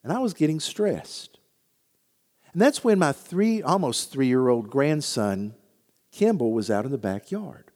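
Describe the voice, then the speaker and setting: An older pastor reads scripture and preaches a sermon, telling stories earnestly and dropping his voice low and soft on solemn lines. The sound carries a long reverb tail.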